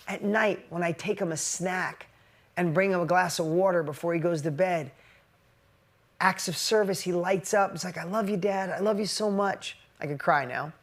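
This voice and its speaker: A man in his forties giving a motivational business talk, emotional and shifting from loud emphatic bursts to quiet reflection. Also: a little high. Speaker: business speaker.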